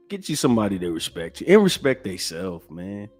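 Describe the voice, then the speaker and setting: A man's voice: mid-range voice, sing-song, fast, hardly any pauses, faint music behind. A man hosting a podcast, giving profane, preachy reaction commentary. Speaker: podcast host.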